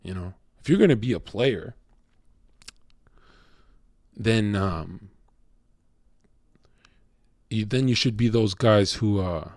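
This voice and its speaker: A man's voice: lowish voice, lively intonation, slow, pauses often, a little mellow, no echo, clean studio sound. A man streaming live, ranting bluntly and profanely at his chat in a confrontational way. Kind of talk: casual rant to a live chat.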